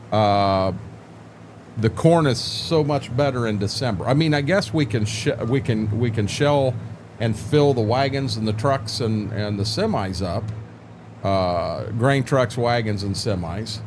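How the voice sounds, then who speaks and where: A man's voice: mid-range voice, darkish tone, slight background noise. Folksy older man chatting on a stream. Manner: rambling, folksy, joking, repeats words. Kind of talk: casual live-stream chat with viewers.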